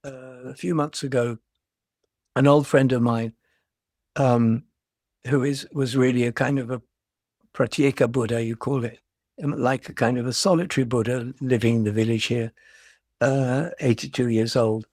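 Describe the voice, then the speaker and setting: A man's voice: mid-range voice, steady tone, moderate pace, pauses often, darkish tone, no echo, clean studio sound. An older man giving a dharma talk as a meditation teacher, reflective and storytelling, often restarting his phrases.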